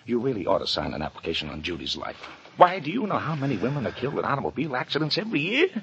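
An actor playing a fast-talking, pushy insurance salesman who stammers when caught out, in 1940s radio acting. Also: medium pitch, huge pitch swings, a bit bright, muffled recording, slight background noise. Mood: wheedling.

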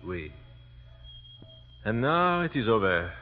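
A gracious French artillery officer speaks formal, careful English with a French accent and a lively, wide-ranging pitch. It sounds like a vintage radio play, dull and lo-fi. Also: male voice, slow pace. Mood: grave. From France. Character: courteous French artillery captain, reflective. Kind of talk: 1940s radio acting. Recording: dull old radio recording.

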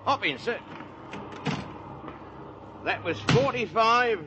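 An actor playing a chatty, wisecracking cab driver with a London Cockney accent, in 1940s radio acting. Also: male voice, high voice, animated, slow. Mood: breezy. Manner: breezy slangy banter. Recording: muffled old radio recording with engine noise.

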